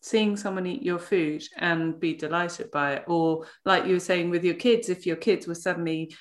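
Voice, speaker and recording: Reflective woman host, lowish voice. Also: steady tone, moderate pace. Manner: reflective, thoughtful questions. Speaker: podcast host. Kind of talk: casual conversational interview.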